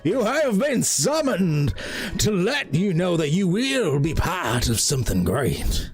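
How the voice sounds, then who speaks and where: A man voicing a grave, dark-furred male elder cat who speaks in slow pronouncements. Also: high-pitched, very animated, husky, faint music behind, pitched above the performer's own voice, exaggerated voice. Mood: solemn.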